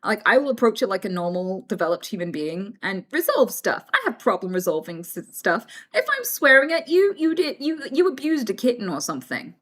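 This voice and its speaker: Animated British woman, swearing freely. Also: medium pitch, a little fast, hardly any pauses. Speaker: livestreamer. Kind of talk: casual livestream chat.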